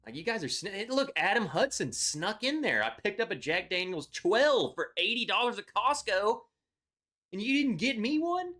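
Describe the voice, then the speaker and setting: A man with a high, sing-song voice and a sharp tone talks at normal speed while hosting a casual whiskey-review live stream. He's chatty and upbeat, greeting viewers by name as he goes.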